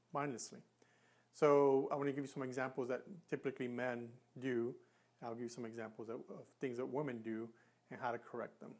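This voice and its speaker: Man, advice talk, earnest, mid-pitched voice, restarts a lot. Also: darkish tone. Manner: earnest, advising, with frequent restarts and demonstrations. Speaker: communication coach. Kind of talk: instructional talk to camera.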